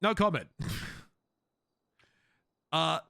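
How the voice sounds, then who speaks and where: Lively, bright-voiced male streamer. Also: on the high side, drawn-out words, creaky, smooth, no echo, clean studio sound. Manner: swearing, laughing, rambling. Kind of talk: livestreamed game role-play and chat.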